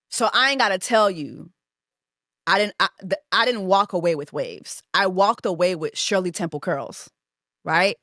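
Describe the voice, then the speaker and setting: A woman in her thirties tells a story on her podcast in a loose, animated, profane way. Her voice is middle in pitch. It is recorded dry and close, with no room sound. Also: normal speed, no echo. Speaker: podcast host. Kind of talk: casual storytelling monologue.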